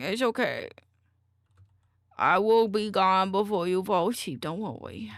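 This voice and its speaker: Goofy, lively woman streamer chatting. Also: medium pitch, measured pace, long pauses, no echo, studio quality. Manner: goofy, playful, teasing chat. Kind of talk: casual live-stream chat. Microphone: desk microphone.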